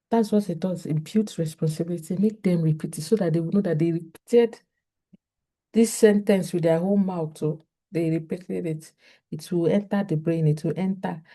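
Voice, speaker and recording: A woman's voice: lowish voice, warm tone. A woman with a Nigerian English accent giving earnest parenting advice straight to camera, repeating her key points and speaking directly to parents.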